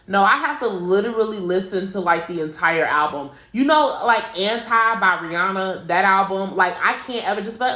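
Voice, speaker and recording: A woman's voice: medium pitch, normal speed, few pauses, sharp tone. A young woman hosting a solo podcast, giving a casual, candid album review in a chatty, blunt way with some swearing. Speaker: podcast host.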